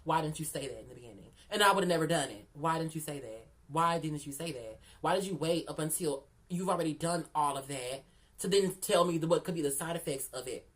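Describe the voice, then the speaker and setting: A woman with a fairly low voice tells a story in a loose storytime vlog. She is blunt and profane, leans on the listener with "girl", and repeats lines for emphasis. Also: a little fast. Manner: candid, profane, keeps calling the listener "girl". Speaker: storyteller vlogger. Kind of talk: casual storytime chat.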